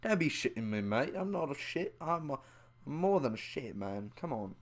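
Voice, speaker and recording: A young man giving a casual, loud and excitable spoiler review, full of slang, who acts out the scenes with high squeals and screams. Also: normal speed. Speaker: movie reviewer.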